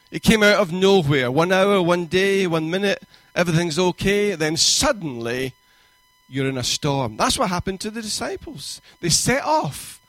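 A male pastor with a fairly high voice gives a church sermon, captured in a dry recording. His delivery is warm and conversational, with quoted asides and emphasis that builds.

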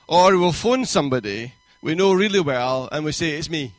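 A male pastor giving a sermon in a church, conversational and warm in pacing, with quoted asides and rising emphasis. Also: on the high side, expressive, normal speed, no room sound.

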